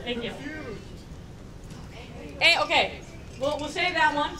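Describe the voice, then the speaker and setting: Playful lady hosting a con panel, high voice, sounds far off with a crowd behind. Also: slow pace. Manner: playful, animated, often laughing. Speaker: convention panel host. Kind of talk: live panel commentary to an audience. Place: convention panel room with audience. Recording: distant camera, crowd noise.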